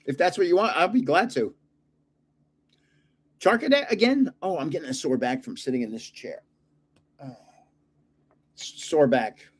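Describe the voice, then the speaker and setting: An older man with a voice pitched a touch high for a man talks through a pack opening. He rambles, guesses at names and chuckles at himself. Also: lively intonation, normal speed, long pauses, breathy edge. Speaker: card-collecting channel host. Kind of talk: casual pack-opening chat.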